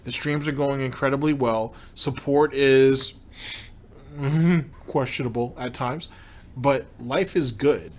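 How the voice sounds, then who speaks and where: A man's voice: mid-range voice, slow. A man hosting a commentary show who mocks the clips he plays with sarcastic, laughing remarks. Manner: sneering, laughs at his target. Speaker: commentary host.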